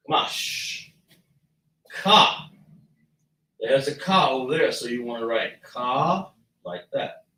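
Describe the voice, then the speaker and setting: A man teaching a slow lesson at a chart, patiently breaking down and repeating sounds as he writes them out. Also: mid-range voice, expressive, fairly bright tone, far from the mic. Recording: echoey room, voice from afar.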